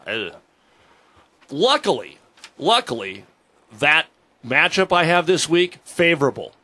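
A male sports radio host talks casually, often stopping and restarting his sentences. His voice is bright, and a touch high. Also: big pitch swings, slow pace.

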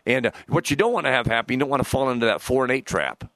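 Fast-talking folksy radio co-host. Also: male voice, medium pitch, lively intonation, a bit bright, dry recording. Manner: rambling, folksy, many "you know"s, laughs often. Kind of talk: casual sports radio chat.

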